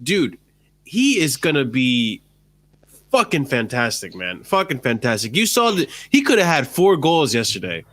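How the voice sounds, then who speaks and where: Man, casual football chat, bright tense voice, laughs a lot, swears freely. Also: mid-range voice, huge pitch swings, normal speed. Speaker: podcast co-host.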